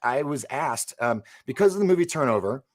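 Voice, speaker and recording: A man's voice: mid-range voice, brisk. A man hosting a live interview show, telling long stories in casual chat with frequent laughs and restarts. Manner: animated storyteller, laughs and restarts often. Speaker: show host.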